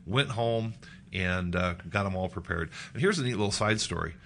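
A middle-aged man from Nebraska tells a personal story with a low, gravelly voice. He lifts his voice to act out what people said. Faint noise sits under the recording. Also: normal speed. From Nebraska, United States. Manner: animated storyteller, acts out quotes in a raised voice. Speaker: guest.

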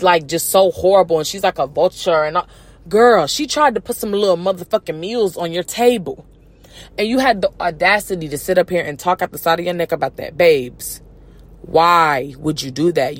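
A woman hosting a podcast, ranting about celebrity gossip in a brash, sassy, profane way, with mocking put-on voices. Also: mid-range voice. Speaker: podcast host.

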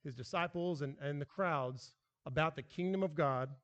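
A man preaching a sermon as pastor, animated and emphatic, with frequent restarts. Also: fairly high pitch, moderate pace, in a large hall, lo-fi sound.

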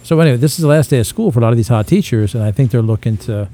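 A podcast co-host in his fifties tells rambling, profane stories in casual chat and slips into impressions. His medium-pitched voice is mellow with lively intonation, and he races along.

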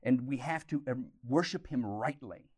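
A man preaching a teaching sermon, animated, swinging from loud emphasis to quiet, intense moments. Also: medium pitch, moderate pace, slightly rough. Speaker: pastor.

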